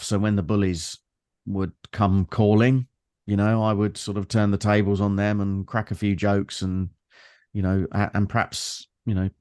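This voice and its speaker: A low-pitched man in his fifties with a London accent talks in a reflective, meandering way. He often stops to fill gaps as he recalls stories. The sound is close and dry, with no room around it. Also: a little mellow, no echo. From London, England. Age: 50s. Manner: reflective, meandering storyteller with frequent fillers. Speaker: guest. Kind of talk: casual conversation.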